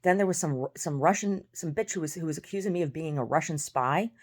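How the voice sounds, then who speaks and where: A woman's voice: low voice, fast talker. An American woman telling stories in a casual, blunt, sarcastic way, swearing, laughing often and restarting her words. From United States. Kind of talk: casual storytelling monologue.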